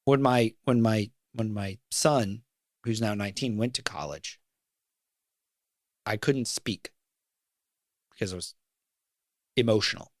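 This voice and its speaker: A man's voice: on the low side, measured pace, pauses often, dry recording, studio quality. A middle-aged man in casual podcast conversation, speaking in an earnest, reflective way. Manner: earnest and reflective, talks about fatherhood with feeling. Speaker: podcast co-host.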